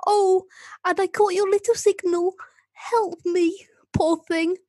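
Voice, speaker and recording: A woman voicing the Doctor, an angry, vengeful male time traveller, with a put-on Northern English accent, high-pitched and mocking. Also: steady tone, slow, a little mellow, dry recording, studio quality.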